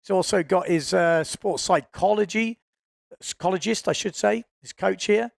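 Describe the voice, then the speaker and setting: A man's voice: high-pitched, moderate pace, creaky, no room sound, studio quality. A man giving chatty, informal live commentary on a windsurfing race, often correcting himself as he goes.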